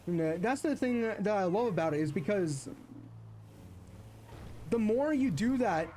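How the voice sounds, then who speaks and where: High-voiced man rambling earnestly on a stream. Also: expressive, moderate pace, dark tone, slight background noise. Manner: rambling, full of restarts and self-corrections; earnest and reflective. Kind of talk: casual chat while gaming.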